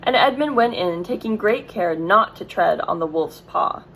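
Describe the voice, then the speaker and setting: A woman's voice: fairly low pitch, expressive, normal speed, gravelly, a bit bright, slight background noise, rough recording. A woman reading a children's book aloud, with casual asides and self-corrections. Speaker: reader.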